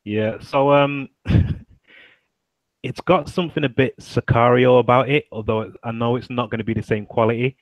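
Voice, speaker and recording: A podcast co-host with a mid-range voice and fairly even intonation chats at normal speed, casually and animatedly, about film trailers. He swears freely and mimics lines, and the dry recording has poor audio.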